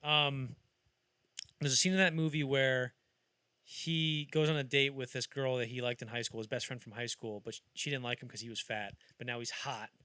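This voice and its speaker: A man co-hosting a casual film podcast, rambling through anecdotes and acting out scenes in loud, high voices. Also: steady tone, normal speed, clear, resonant tone, no echo. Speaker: podcast co-host.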